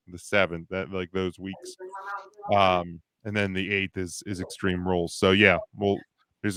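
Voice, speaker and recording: A man's voice: on the low side, fairly bright tone, smooth, no room sound. Male podcast co-host, dry close sound, opinionated rambler who restarts a lot. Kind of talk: casual wrestling podcast chat.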